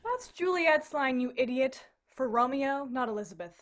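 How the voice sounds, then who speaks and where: An actress playing a sassy teenage daughter who speaks in a tart, dismissive way. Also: female voice, high voice, expressive, normal speed.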